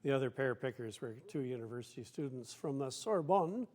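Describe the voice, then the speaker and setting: A man's voice: mid-range voice, expressive, a little fast, darkish tone. A man telling anecdotes as an interview guest, wry and dry in his humour. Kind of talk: anecdotal storytelling.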